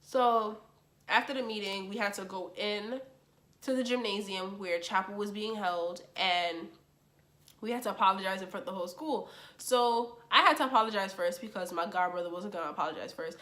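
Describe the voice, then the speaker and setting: Young woman vlogging a storytime, blunt, slangy, quick comebacks, mid-pitched voice. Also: a bit bright. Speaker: YouTuber. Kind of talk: storytime vlog.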